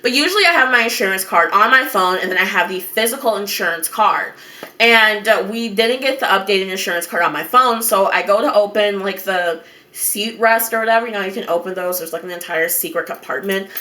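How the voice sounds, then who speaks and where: A young woman vlogger telling a dramatic story in an animated, over-the-top way, swearing now and then. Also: medium pitch, fairly quick. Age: young adult.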